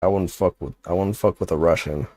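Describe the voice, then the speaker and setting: Deep-voiced rambling guy streaming. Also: steady tone, a little fast, warm tone, no echo. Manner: rambling, filler-heavy, joking. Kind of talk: casual livestream chat.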